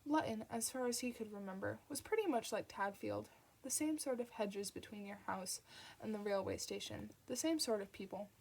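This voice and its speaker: A woman reading a novel aloud, with steady narration and small restarts. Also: mid-range voice, normal speed, vocal fry, breathy edge. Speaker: audiobook reader.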